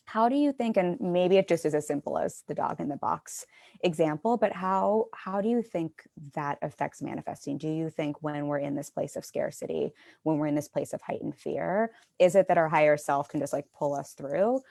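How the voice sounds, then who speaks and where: Woman, live stream host; low, gravelly voice; casual, chatty, self-deprecating. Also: normal speed, mellow, dry recording, clean studio sound. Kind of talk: casual conversational interview.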